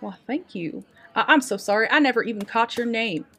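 A woman's voice: a little high, lively intonation, fairly quick, pushed and bright, heavily acted. A woman playing a folksy wandering storyteller. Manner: folksy drawl, dramatic storytelling. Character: folksy traveling adventurer telling tales. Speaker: player character storyteller. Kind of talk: improvised tabletop role-play.

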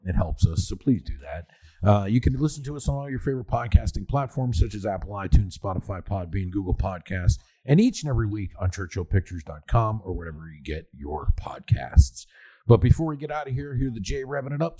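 Male podcast co-host, low voice with lots of pitch movement; wry, casual, a bit profane. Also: mellow. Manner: wry and laid-back, swears casually. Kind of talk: casual comedic podcast chat.

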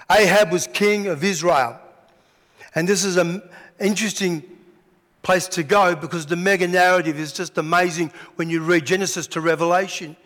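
Male pastor with a high voice who acts out his sermon stories, recorded in a big echoing hall. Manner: animated storytelling, acts out scenes. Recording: long hall reverb.

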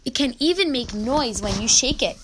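A woman reading aloud and voicing an eager, excited young boy in a children's storybook, with a bright, exclaiming manner. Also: on the high side, moderate pace, noisy background, natural voice. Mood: pleased.

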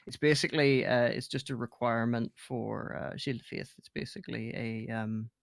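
A man's voice: mid-range voice, fairly even intonation, normal speed, gravelly, no room sound, clean studio sound. A man playing in a tabletop game, rambling and hesitant as he explains. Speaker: player. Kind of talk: casual tabletop play.

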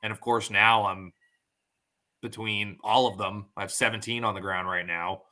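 Bright, lively storytelling man. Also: lowish voice, moderate pace. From western New York. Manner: animated storyteller acting out dialogue. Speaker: guest farmer and butcher. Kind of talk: casual podcast chat.

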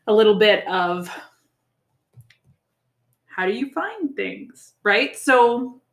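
A woman co-hosting a casual chat, animated and encouraging, swearing freely. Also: a little high. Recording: echoey room.

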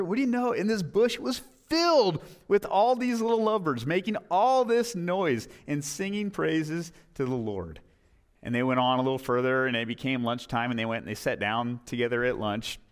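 A man preaching a sermon as pastor, telling stories in an animated way. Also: mid-range voice, moderate pace. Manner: animated storytelling, acts out quoted voices.

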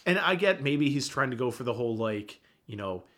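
A man's voice: medium pitch, lively intonation, fairly quick, a bit bright. A man chatting casually about a film he loves, easygoing and swearing now and then. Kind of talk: casual movie commentary chat.

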